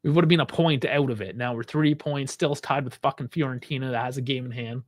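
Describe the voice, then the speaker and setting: A man's voice: medium pitch, fast. A man giving live fan reaction to a football match, angry and frustrated, swearing heavily as he rants about the coach's choices.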